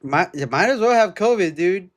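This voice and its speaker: A man's voice: sits high, lively intonation, moderate pace, dry recording, clean studio sound. A man co-hosting a podcast, joking around with goofy interjections and laughing often. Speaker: podcast co-host. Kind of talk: casual political chat.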